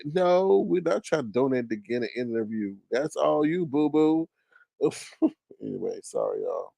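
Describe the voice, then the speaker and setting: A young man hosts a casual commentary stream, ranting and mocking with a rather high voice that swings wildly up and down. His voice has a gravelly edge, and the sound is dry and close. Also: lively intonation, measured pace, no echo. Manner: loud, profane, mocking rant with big pitch swings. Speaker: commentary show host.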